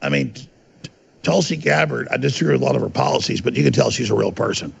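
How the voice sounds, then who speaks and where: A man's voice: medium pitch, animated, quick pace, vocal fry, husky. A man ranting indignantly and emphatically as an interview guest, on dull lo-fi audio. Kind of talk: heated interview talk.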